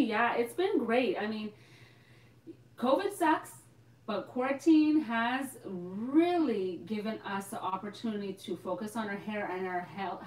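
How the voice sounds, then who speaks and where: Bubbly young woman hosting a live chat, mid pitch, roomy sound from off the mic. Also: far from the mic. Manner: bubbly, laughs often, exclaims "oh my gosh". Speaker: host of a live Q&A for a hair care shop. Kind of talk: casual live-stream chat. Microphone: phone.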